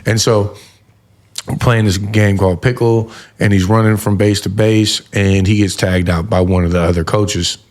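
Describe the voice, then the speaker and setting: A man's voice: fairly low pitch, fairly even intonation, normal speed, a little mellow. A man hosting a podcast, telling a personal story in an earnest, heartfelt way. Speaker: podcast host. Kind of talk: casual podcast conversation.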